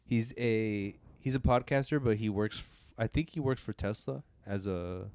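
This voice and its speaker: A man's voice: fairly low pitch, normal speed, a little mellow, no echo, clean studio sound. A man co-hosting a podcast, chatting casually and rambling through a long retelling with frequent restarts. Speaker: podcast co-host. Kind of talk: casual chat.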